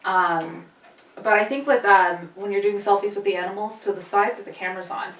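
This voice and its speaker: A woman's voice: medium pitch, brisk, distant mic. A woman telling stories and giving tips in a casual chat. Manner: chatty, storytelling, light laughter. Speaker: guest. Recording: echoey room, voice from the mic.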